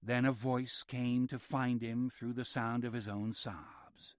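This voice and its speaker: A man reads a horror audiobook at a measured, steady pace with a mid-range voice. The recording is dry and close-miked, with no room around it. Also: medium pitch, no room sound. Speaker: audiobook narrator. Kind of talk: scripted narration.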